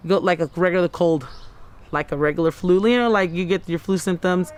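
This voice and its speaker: A woman in her thirties being interviewed for the news. She recounts her story in a halting, repetitive way, often acting out her own quoted words. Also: lowish voice, steady tone. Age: 30s. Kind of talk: personal account in a news interview.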